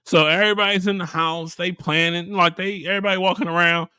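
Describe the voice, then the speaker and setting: A man's voice: high-pitched, fast, clean tone, no room sound, clean studio sound. A man co-hosting a casual podcast, retelling a story with lots of laughter and acted-out voices. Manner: animated storyteller, laughs a lot, acts out characters. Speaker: podcast co-host. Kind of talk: casual chat.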